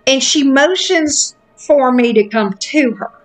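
A woman telling a story in a casual, frank, animated chat, with lots of fillers. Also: sits high, takes it slowly, soft background music.

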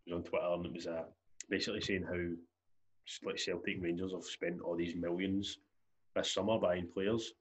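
A man's voice: low voice, level tone, a little fast. A young Scottish man chatting casually as a podcast co-host, rambling and swearing freely. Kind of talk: casual chat.

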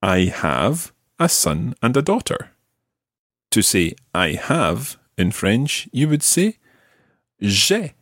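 A man teaching a podcast language lesson, patiently modelling words slowly for the learner to repeat. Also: on the low side, very animated, fairly bright tone, dry recording, studio quality.

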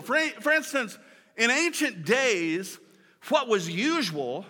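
A man preaches at a church service in a high, bright voice. His delivery is energetic and folksy, full of restarts and repeated words. A long reverb trails each phrase through the hall. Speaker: pastor. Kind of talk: sermon.

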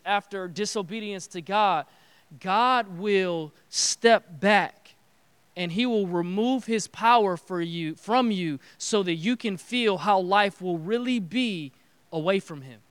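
A man preaching a casual, slangy sermon in a church, animated and acting out quotes. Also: sits high, clean tone.

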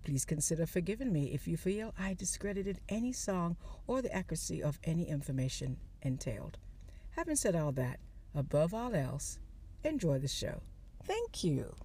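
A woman's voice: fairly low pitch, very animated, normal speed, a little hiss or hum. A woman hosting a comedy podcast, reading an upbeat intro and disclaimer. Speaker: podcast host. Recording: loud music underneath.

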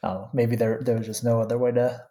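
A co-host recapping an anime episode in easygoing conversation. The voice is mellow and dark-toned, unhurried and relaxed, with soft laughs. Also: medium pitch. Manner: relaxed, laid-back, laughs softly. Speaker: podcast co-host. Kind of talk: casual anime episode discussion.

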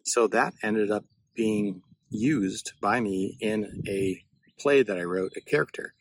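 A man's voice: fairly low pitch, takes it slowly. A man giving writing tips in a casual, reflective spoken monologue, recorded outdoors rather than in a studio. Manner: reflective, meandering.

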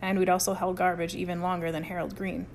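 A woman voicing a dry, deadpan, clever teenage boy who speaks in an understated way. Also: lowish voice, fast talker, vocal fry, slight background noise.

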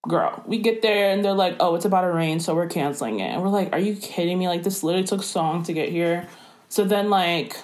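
A woman's voice: fairly low pitch, fast, darkish tone. A young woman in casual chat, telling stories in a slangy, laughing way.

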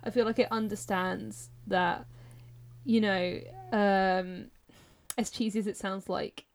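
A woman's voice: mid-range voice, steady tone, slow pace. A woman chatting casually on a group podcast, rambling with lots of fillers. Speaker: podcast panelist.

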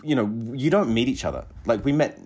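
A young Australian man, a voice actor, chatting casually on a podcast and telling stories with quick laughs. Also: mid-range voice. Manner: animated storytelling, quick laughs. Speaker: voice actor guest.

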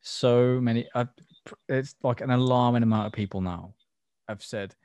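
A man's voice: medium pitch, normal speed, a little mellow, clean tone, no echo. A man co-hosting a podcast, answering in a laid-back, brief way during casual chat. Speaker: podcast co-host.

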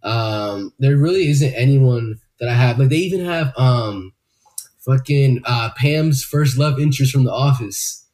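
A man's voice: medium pitch, a little slow, a little mellow. A man co-hosting a podcast in casual chat, loose and profane with plenty of fillers. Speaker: podcast co-host.

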